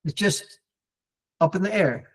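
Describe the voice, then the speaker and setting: A man teaching an online Torah class, talking in a lively, digressive way with many restarts and fillers and mixing in Hebrew terms. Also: sits high, unhurried, breathy edge. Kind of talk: animated live online lecture answering viewer comments.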